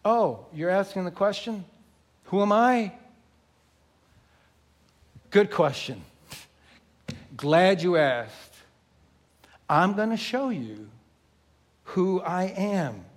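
A preacher voicing a calm, assured deity. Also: male voice, high voice, drawn-out words, pauses often, full character voice. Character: calm, mighty male deity answering a king.

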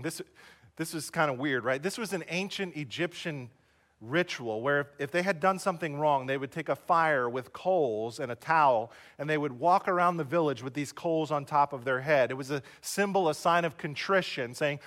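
A man preaching a sermon as pastor of a church, earnest, rising to emotional retellings and dropping soft for prayer. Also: fairly high pitch, normal speed. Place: church service.

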